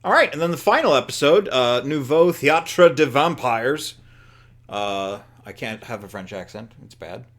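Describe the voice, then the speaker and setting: A man co-hosts a podcast in casual chat, hesitating with ums and restarts and showing a dry sense of humor. His mid-range voice is fairly bright, with lively intonation and a moderate pace.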